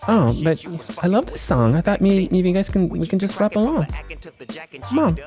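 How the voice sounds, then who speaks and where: A man's voice: sits high, sing-song, normal speed, warm tone, faint music behind, pitched above the performer's own voice. A man voicing an overly cheery young stepmother who tries too hard to win over the kids. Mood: eager. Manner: chirpy, trying too hard.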